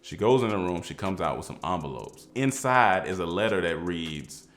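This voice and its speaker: A man telling a personal story in a casual, animated way, acting out the people in it. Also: low-pitched, brisk, soft background music. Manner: animated, excitable storytelling with voiced quotes.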